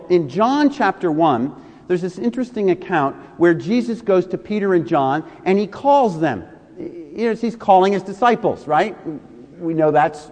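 A man's voice: sits high, darkish tone, big-room sound. A male pastor preaching a sermon, leaning hard on key words and drawing them out for emphasis.

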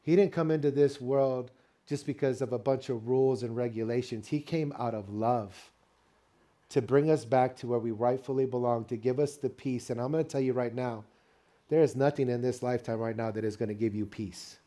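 An older man preaching a sermon, telling a family story with lively call-and-response to the congregation. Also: mid-range voice, moderate pace. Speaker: pastor.

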